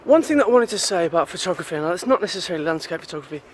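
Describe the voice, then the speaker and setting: A man in his thirties with a fairly high voice chats to camera in a relaxed vlog. He sounds upbeat and a little rambling, often restarting his sentences, and he talks about his photography work while he is out and about. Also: very fast, a little hiss or hum. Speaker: photographer vlogger. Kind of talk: casual vlog talk to camera. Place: outdoors by the sea, then in town.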